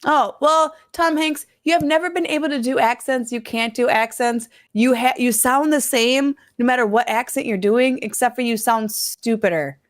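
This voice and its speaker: A woman's voice: on the high side, moderate pace, few pauses. Blunt, joking woman co-host. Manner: blunt, joking, says "like" a lot. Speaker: podcast co-host. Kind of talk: casual live podcast chat.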